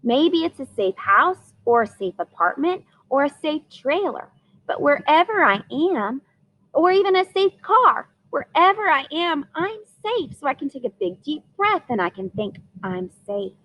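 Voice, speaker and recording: A woman teaching young children in a gentle lesson, with a sing-song way of talking and soft fillers. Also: high voice, sing-song, normal speed, lo-fi sound.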